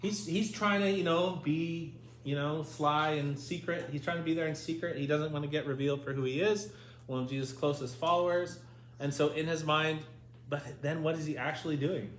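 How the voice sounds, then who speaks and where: A man's voice: fairly high pitch, fairly even intonation, normal speed, fairly bright tone. A man leading a Bible study lesson, asking his group questions and reading scripture aloud. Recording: echoey room with faint noise.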